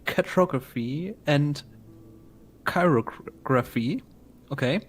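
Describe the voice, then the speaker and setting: A man's voice: fairly high pitch, takes it slowly. A man reading the lines of a young male medical student in a game, in a dry, lightly amused way, close to his own voice. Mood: gossipy. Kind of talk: reading game dialogue aloud.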